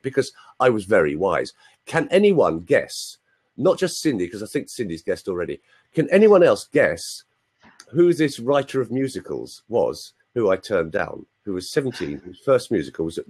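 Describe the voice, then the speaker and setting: A man in his sixties with a London accent spins stories in a chatty, playful way, checking in with listeners as he goes. His voice sits low, with a slightly husky edge. His pitch swings widely as he talks. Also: big pitch swings, brisk, darkish tone. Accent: London English. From London, England. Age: 60s. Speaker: guest. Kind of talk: storytelling on a live video chat.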